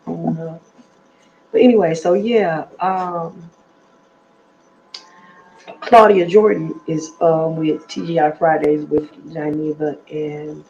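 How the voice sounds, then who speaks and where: A middle-aged woman with a heavy, slightly gravelly voice that sits on the lower side. She chats casually on a livestream from her apartment. She meanders between thoughts, filling the gaps with plenty of ums. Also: fairly even intonation, slow pace, pauses often, warm tone, muffled recording, slight background noise. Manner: chatty and meandering, with many fillers and lost trains of thought. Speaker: livestream host. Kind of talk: casual rambling chat. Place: apartment at home.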